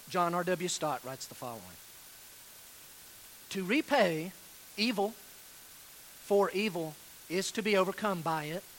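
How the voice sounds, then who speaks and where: Pleading earnestly from the pulpit, this pastor stretches out slow, heavily stressed phrases in a voice that sits high for a man and rings bright and forceful. The audio is poor, with a bit of background noise.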